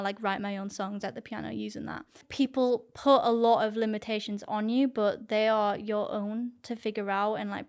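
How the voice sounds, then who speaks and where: A woman's voice: a little high, clear, resonant tone. A young woman talking casually as an interview guest, chatty and earnest with lots of "like". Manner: chatty, heavy use of "like", earnest. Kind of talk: casual talk to camera.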